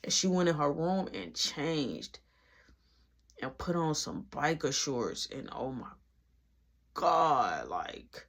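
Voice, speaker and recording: A woman casually telling a story in slang, animated and full of quoted dialogue. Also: low voice, slow, long pauses. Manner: slangy, animated retelling with many quoted lines.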